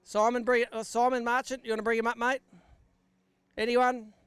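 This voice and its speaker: A man's voice: very high voice, level tone, normal speed, a bit bright, clear, resonant tone, no room sound. An Australian man acting as MC at an outdoor fishing weigh-in, giving live commentary and bantering with the anglers.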